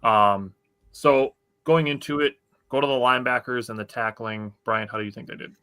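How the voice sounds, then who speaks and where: A man hosting a casual sports chat over a remote call, talking quickly and correcting himself as he steers the conversation. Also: medium pitch, steady tone, sharp tone, smooth, no echo. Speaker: podcast host.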